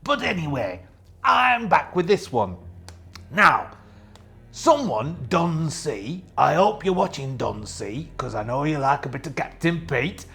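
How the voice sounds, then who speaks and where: A man's voice: on the high side, very animated, a little slow, gravelly, pushed and bright, faint music behind, exaggerated voice. A man playing a young, boastful pirate captain who rambles as he runs a solo tabletop game and answers his own questions. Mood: jovial. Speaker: host and solo game player.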